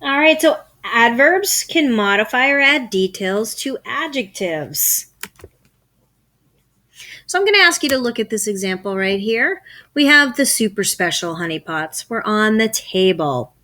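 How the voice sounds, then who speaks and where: A woman teaches grammar in a recorded lesson, speaking slowly and deliberately. Her voice is bright, and her pitch rises and falls a lot as she poses questions and then answers them herself. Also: sing-song.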